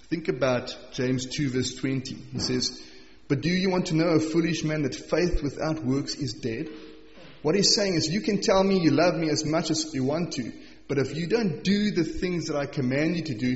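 Man preaching in an echoey hall. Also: fairly high pitch. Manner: earnest, reads scripture slowly with emphasis. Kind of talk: sermon. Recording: echoey hall, dull sound.

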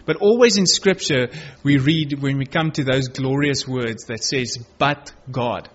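A man's voice: mid-range voice, measured pace. A man preaching a sermon, reading Bible verses aloud and earnestly stressing key words. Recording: dull lo-fi recording.

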